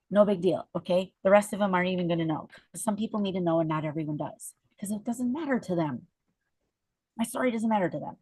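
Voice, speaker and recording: A middle-aged woman leading a sales team meeting over a video call, telling a motivational story in a chatty, animated way and keeps checking in with "okay?" and "you guys". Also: lowish voice, no room sound.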